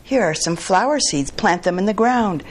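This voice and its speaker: A woman doing a calm, patient storybook frog. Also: mid-range voice, normal speed, voice pushed up, natural voice. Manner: gentle, reassuring, explains patiently. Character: calm, wise male frog, patient friend. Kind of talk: storybook reading aloud.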